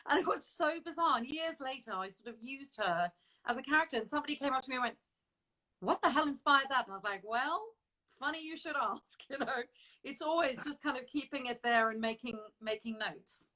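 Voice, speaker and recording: A woman hosting an interview, chatty and expressive, who laughs often as she talks. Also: high voice, a little fast, poor audio. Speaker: interview host. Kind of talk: casual interview chat.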